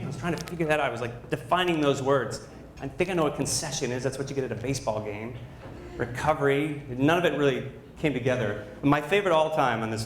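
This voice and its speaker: Deadpan man doing stand-up. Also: medium pitch, slight background noise. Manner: deadpan, mock-instructional with punchy pauses. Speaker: stand-up comedian. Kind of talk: stand-up comedy set. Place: comedy club stage. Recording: roomy live club recording.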